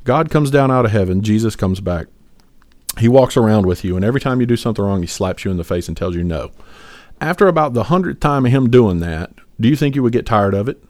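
A man's voice: on the low side, expressive, fast, darkish tone, no room sound. A man co-hosting a podcast, talking about faith in an earnest, rambling way with many fillers and restarts. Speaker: podcast co-host. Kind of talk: casual faith discussion.

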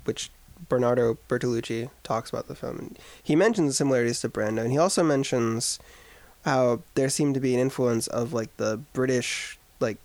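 A man's voice: medium pitch, moderate pace, darkish tone, no echo. A man co-hosting a podcast, chatting casually about films, rambling and joking as he goes. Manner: rambling, joking, trails off into asides. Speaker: podcast co-host. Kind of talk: casual film discussion.

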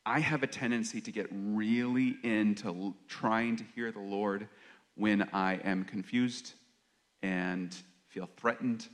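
Preacher, male, lowish voice, halting and earnest, reflective sermon delivery. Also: steady tone. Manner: halting, with many pauses and fillers; earnest, confessional. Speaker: worship leader or preacher.

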